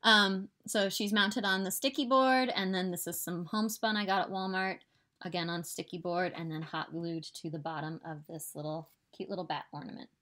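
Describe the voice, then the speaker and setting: A woman's voice: mid-range voice, fairly bright tone. A woman in her thirties with a Midwestern American accent talks to the camera from home. Her manner is chatty and upbeat, wandering off on cheerful asides before coming back to the point. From southern Illinois, US. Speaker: stitching vlogger. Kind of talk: casual chat.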